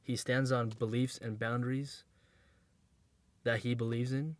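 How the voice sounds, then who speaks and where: A man's voice: mid-range voice, little pitch movement, a little slow, no echo. A man giving dating advice in a casual monologue, blunt and emphatic, repeating his points and using street slang.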